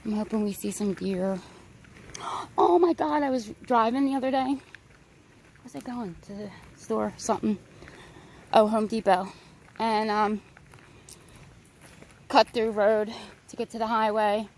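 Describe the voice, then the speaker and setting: A woman chats her way down a wooded trail, rambling and excitable and slightly out of breath. Her voice carries a gravelly edge, and crickets sit faintly behind her. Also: fairly high pitch, unhurried, pauses often. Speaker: vlogger. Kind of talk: casual walking vlog narration. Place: wooded park trail outdoors. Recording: outdoor recording, crickets and faint background noise.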